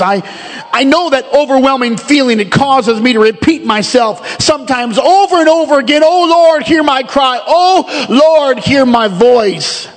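A man with a high voice preaches a sermon, starting measured and reflective, then rising into fervent, pleading cries. His words ring out with a long reverb around a church sanctuary. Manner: builds from quiet reflective reading to impassioned pleading. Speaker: pastor.

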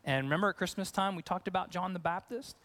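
Male pastor with a high voice, chatty and animated in his sermon delivery. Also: quick pace. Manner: conversational, animated, acts out questions.

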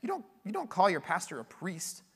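High-voiced pastor in a reverberant hall. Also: male voice, huge pitch swings, fairly quick, creaky, fairly bright tone, slightly rough. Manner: earnest, explanatory, asks rhetorical questions. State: losing his voice. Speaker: pastoral candidate preaching. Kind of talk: conversational sermon. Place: church sanctuary. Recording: long reverb of a large hall.

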